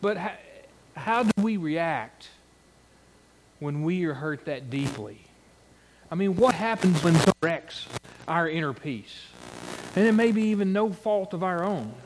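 A man's voice: on the high side, expressive, unhurried, long pauses, noisy background. A middle-aged man preaching a sermon, telling folksy, humorous stories and acting out the quotes in them. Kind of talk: sermon with storytelling.

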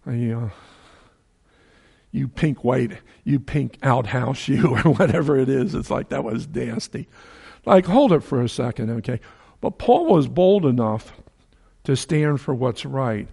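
A man's voice: medium pitch, lively intonation, measured pace, gravelly, a little mellow, slightly rough. A man preaching a sermon in a folksy, joking way, acting out the people in his story with big swings in his voice.

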